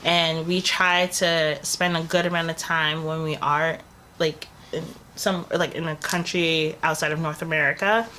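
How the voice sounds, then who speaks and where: A woman's voice: low voice, steady tone, unhurried, pushed and bright. A young woman vlogging about travel, getting over a cold, chatting and rambling with lots of fillers. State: recovering from a cold, coughing. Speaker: travel vlogger, channel co-host. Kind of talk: casual storytelling to camera. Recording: faint background noise.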